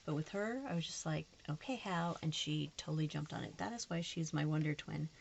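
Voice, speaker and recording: A woman's voice: sits low, fairly quick, creaky, highs cut off, a little hiss or hum. A woman chatting casually to camera while she decorates her planner, frank and a little frustrated. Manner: chatty, frustrated, slips into put-on voices. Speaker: planner vlogger.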